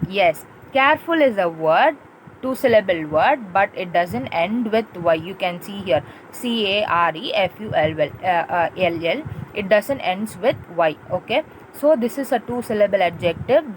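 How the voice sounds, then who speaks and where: A woman's voice: medium pitch, slight background noise, low-quality recording. Patient woman teacher explaining grammar. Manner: patient, repetitive explaining with spelled-out letters and check-in questions. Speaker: English teacher. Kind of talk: classroom grammar lesson.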